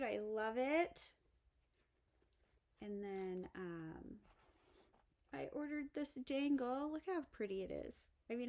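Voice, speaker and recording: A woman vlogging a craft haul in a casual show-and-tell style, gushing over each item and dropping to soft whispers. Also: medium pitch, lively intonation, takes it slowly.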